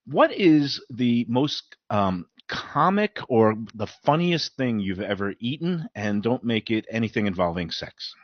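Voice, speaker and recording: A man hosts a casual talk show, chatting and asking questions in an upbeat way. His pitch moves a lot as he talks. The audio is dry and dull, with a lo-fi sound. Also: sing-song, a little slow, hardly any pauses, dry recording. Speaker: host. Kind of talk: casual chat.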